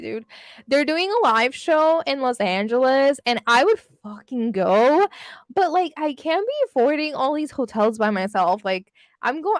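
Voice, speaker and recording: A woman's voice: high voice, dry recording, studio quality. Chatty young woman streaming from home. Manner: chatty, laughs often, swears casually. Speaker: livestream host reading with chat. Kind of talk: casual chat.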